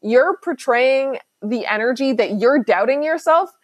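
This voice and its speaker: Woman podcast host, slightly high voice, casual and slangy, heavy on fillers, dry close recording. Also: animated, measured pace, no echo. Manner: chatty, fillers like "like", slangy and emphatic. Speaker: podcast host and business coach. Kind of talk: casual solo podcast talk.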